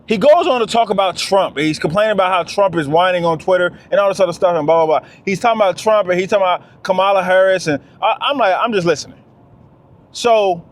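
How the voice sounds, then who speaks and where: A man, giving an impassioned, preachy monologue straight to his viewers and repeating his points. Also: high voice. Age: 30s. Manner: preachy, repetitive, talks straight to "fellas". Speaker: vlogger.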